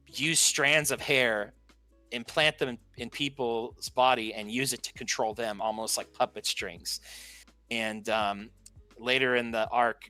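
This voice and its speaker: A man's voice: mid-range voice, no room sound. A man co-hosting a casual podcast, retelling anime scenes with lots of energy and acting out quoted lines. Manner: animated storytelling, acts out quoted lines. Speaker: podcast co-host. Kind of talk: casual chat.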